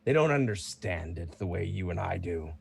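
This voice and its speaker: A man voicing a scarred, boastful male arena champion in a tabletop game, speaking in a gruff, swaggering way. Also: deep voice, animated, normal speed, voice pushed down, exaggerated voice. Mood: easygoing.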